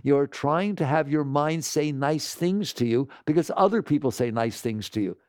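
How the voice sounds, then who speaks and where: A man giving a spiritual talk to an audience, animated and laughing often as he acts out imagined voices. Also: fairly high pitch, moderate pace, clean tone, no room sound, clean studio sound. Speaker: spiritual teacher.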